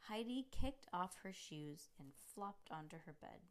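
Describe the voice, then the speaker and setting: A woman's voice: mid-range voice, expressive, measured pace, a little hiss or hum. Woman reading a bedtime story. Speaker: podcast host and reader. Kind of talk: reading a children's book aloud.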